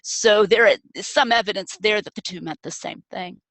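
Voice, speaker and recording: A woman's voice: mid-range voice, normal speed, fairly bright tone, no room sound, low-quality recording. A woman guest author in a webinar discussion, explaining her points carefully over a video call.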